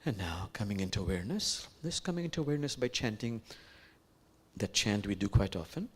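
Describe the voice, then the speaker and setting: A man leading a guided meditation at a worship service, speaking gently and often dropping to soft whispers. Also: lowish voice, lively intonation, brisk, breathy edge. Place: sanctuary during a worship service.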